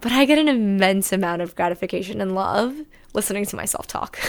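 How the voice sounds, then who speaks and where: A woman's voice: mid-range voice, animated, a little fast, vocal fry. A woman hosting her own unscripted solo podcast, talking candidly and rambling, correcting herself as she goes and swearing casually. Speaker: podcast host.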